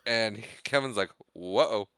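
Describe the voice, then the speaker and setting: A young man chatting casually about a movie on a podcast, his voice bright and crisp. He acts out quotes from the characters and laughs his way through the retelling. The sound is dry and close. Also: lowish voice, slow, dry recording. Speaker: podcast co-host. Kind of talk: casual movie recap chat.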